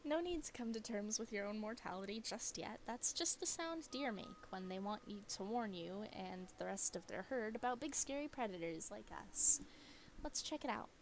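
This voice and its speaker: A woman voicing a friendly, easygoing young woman in a game, reading her lines in a relaxed, natural way. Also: mid-range voice, moderate pace, a little hiss or hum, close to an everyday voice. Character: cheerful young woman, a friendly cryptid hunter.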